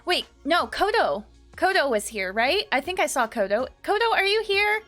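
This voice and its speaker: A woman's voice: high voice, very animated, moderate pace, a bit bright. A woman streaming live, chatting casually and nervously with her viewers, giggling and greeting people by name. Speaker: VTuber streamer. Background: faint background music.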